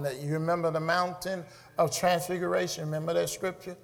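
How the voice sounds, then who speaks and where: A man's voice: fairly high pitch, fairly even intonation, fast talker, vocal fry. Preaching man in an echoing church. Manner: preaching with rising shouts and call-and-response. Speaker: pastor. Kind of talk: sermon. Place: church sanctuary.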